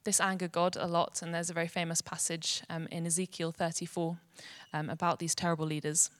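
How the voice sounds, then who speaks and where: A woman giving an earnest, gentle devotional teaching. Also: lowish voice, little pitch movement, brisk, smooth, no room sound, clean studio sound. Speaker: Bible teacher.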